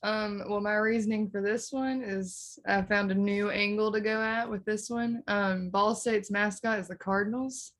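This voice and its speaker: A woman's voice: mid-range voice, steady tone, normal speed, few pauses, fairly bright tone. A young woman giving brief, hesitant picks in a casual chat. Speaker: guest picker.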